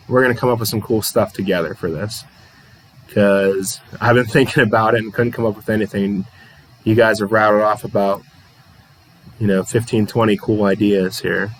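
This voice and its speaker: On a rough recording, a man with a fairly low voice hosts a livestream from the Pittsburgh area, giving play-by-play of a tabletop wrestling card game. He's chatty, reads the chat and frequently laughs at himself.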